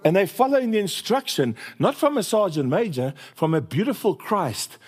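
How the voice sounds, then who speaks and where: A man's voice: sits high, moderate pace, breathy edge. South African man preaching a sermon. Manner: lively storytelling with laughter.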